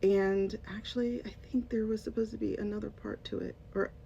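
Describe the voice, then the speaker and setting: Her warm, steady voice has vocal fry and moves a little fast as she speaks to viewers in a casual commentary vlog. The ex-English teacher is sarcastic and emphatic, and the recording is dull and lo-fi with a slight rumble.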